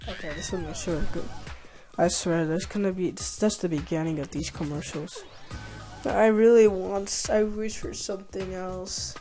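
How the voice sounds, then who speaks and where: A woman's voice: fairly low pitch, steady tone, moderate pace, mellow, soft background music. A young woman casually reacting to autoplayed videos, exasperated and dramatic in her complaints. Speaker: YouTuber.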